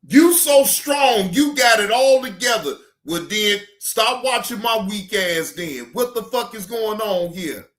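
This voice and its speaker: A male reaction channel host giving heated, profane ranting commentary, often shouting. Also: high voice, animated, a little slow, hardly any pauses, roomy sound.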